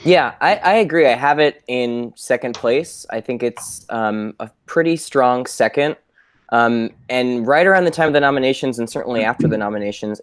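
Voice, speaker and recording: Smooth-voiced man weighing award picks. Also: mid-range voice. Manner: measured, agreeable, hedging with ums. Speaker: co-host. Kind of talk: casual award predictions chat.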